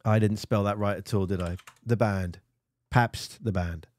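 A man's voice: on the low side, steady tone, measured pace, a little mellow. A man reviewing music videos in casual screen-share commentary, rambling and poking fun at himself. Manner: rambling and self-mocking.

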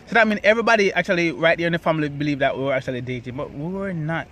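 High-voiced Jamaican man telling a story. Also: racing. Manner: animated, jumps high when quoting himself. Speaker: vlog co-host telling a couple's story. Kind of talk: casual storytelling.

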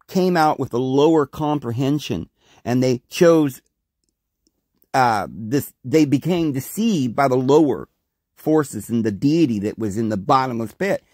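A man's voice: medium pitch, dry recording. Man, podcast host, scripture reading with commentary, rhetorical, dry sound. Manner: animated, rhetorical questioning.

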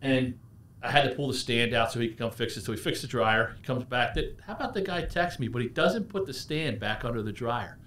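A man's voice: medium pitch, fairly quick, fairly bright tone. A male guest on a podcast who represents a brand and tells casual, rambling anecdotes, often repeating words. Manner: storytelling, repeats words, chuckles at his own stories.

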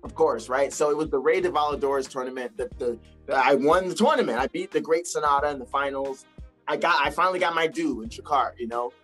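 A man, a wrestler, telling stories in a casual interview over a video call, acting out quotes with big jumps in pitch. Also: fast, a bit bright, faint music behind. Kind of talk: casual storytelling.

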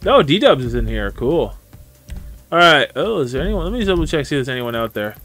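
A man's voice: mid-range voice, big pitch swings, a little fast, a bit bright, faint music behind. A man streaming a game live, chatting casually and greeting viewers by name as he plays. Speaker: gaming streamer. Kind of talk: live gameplay commentary.

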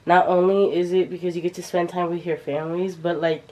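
Speaking fairly quickly in a lowish, darkish voice with little pitch movement, a young woman vlogs casually at home. She holds the camera at arm's length and keeps up a chatty, confiding stream full of fillers.

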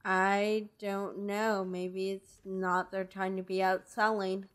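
Easygoing woman gamer, casual commentary, soft and unhurried. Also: mid-range voice, little pitch movement.

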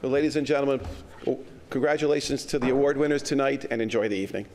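A man reading a formal letter of greetings aloud at a gala in a measured, formal way. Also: mid-range voice, heavy background noise. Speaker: speaker reading a message at a gala. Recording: echoey banquet hall.

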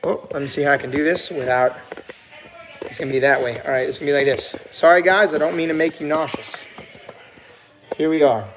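A man's voice: a little high, brisk, long pauses. A man from Louisiana with a blended Cajun and New Orleans accent, chatting casually and rambling as he hosts a live cooking stream. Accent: Louisiana Cajun, mixed with New Orleans. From Louisiana, USA. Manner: rambling, chatty, many restarts and fillers. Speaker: cooking livestream host. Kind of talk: casual chat on a livestream.

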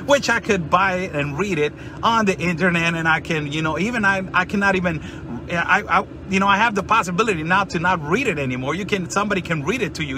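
A man in a sarcastic vlog monologue, mocking and loudly mock-excited. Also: on the high side, noisy background. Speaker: vlogger.

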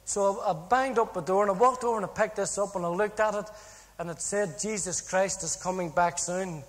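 Brief: Irish man, high voice, comic testimony storytelling in a reverberant hall. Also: fairly quick. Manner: jokey, punchline-driven, animated. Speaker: speaker giving a testimony.

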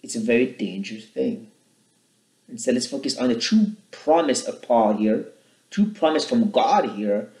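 An earnest man teaching on a Bible verse, speaking at an ordinary pitch. His voice rings a little in an echoey room. He explains the passage in a steady way and asks pointed questions about it. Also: normal speed. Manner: earnest, rises in pitch and volume when reading scripture aloud. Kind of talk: short Bible teaching talk.

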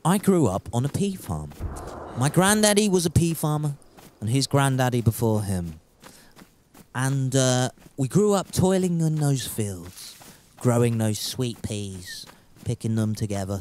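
A man's voice: mid-range voice, a little mellow. Guy streaming a survival game, voice bouncing all over, jokey and sweary, bit of hiss behind. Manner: joking, swearing, trying out put-on accents. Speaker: gaming streamer. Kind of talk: casual gameplay commentary.

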